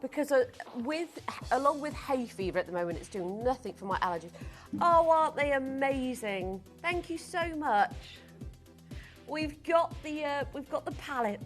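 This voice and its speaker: A woman's voice: high-pitched, animated, moderate pace, soft background music. Gushing woman shopping host. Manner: gushing, chatty sales patter with frequent asides. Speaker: shopping channel presenter. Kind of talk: live TV sales presentation. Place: TV studio.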